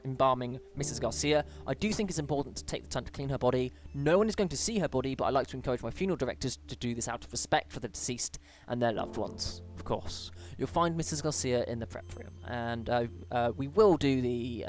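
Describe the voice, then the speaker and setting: A British gamer casually commenting on a game and reading on-screen emails aloud, with chatty asides, small stumbles and sudden lifts in pitch. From Britain. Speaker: let's play gamer.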